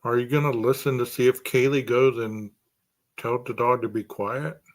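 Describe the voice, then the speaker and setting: A man's voice: mid-range voice, flat delivery, normal speed. A man hosting a true crime podcast, speculating aloud through a string of rhetorical questions.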